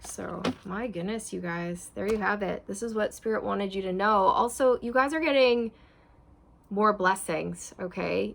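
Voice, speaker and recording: A woman's voice: mid-range voice, vocal fry. A woman doing a casual tarot reading. She talks straight to her viewers in a chatty, repetitive way. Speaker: tarot reader.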